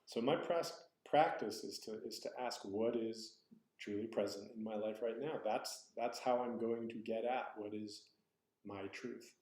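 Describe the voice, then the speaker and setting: A man's voice: on the low side, measured pace, a little mellow. A man giving a dharma talk as a Zen teacher, reflective and searching, often correcting himself aloud. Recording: roomy echo.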